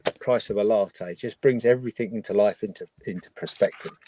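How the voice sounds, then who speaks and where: A man's voice: on the low side, brisk, warm tone, slight background noise. A man hosting a charity livestream, talking earnestly in a rambling way with many restarts. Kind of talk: casual livestream chat.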